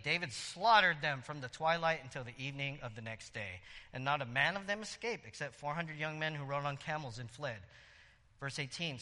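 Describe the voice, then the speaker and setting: In a large hall, a church elder preaches a sermon in a casual, lively style, tossing in asides and jokes between readings. His voice sits on the high side.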